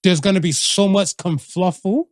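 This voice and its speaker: A man's voice: high-pitched, steady tone, moderate pace, no echo, clean studio sound. A man co-hosting a casual podcast, talking through relationships and current events in a loose, conversational way. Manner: conversational, drops into playful acted quotes. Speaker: podcast co-host. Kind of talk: casual chat.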